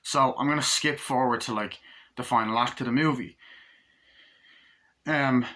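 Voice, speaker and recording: A man giving a casual, rambling spoken film review, acting out scenes in squealing high voices as he goes. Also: a little slow, sharp tone. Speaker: movie reviewer.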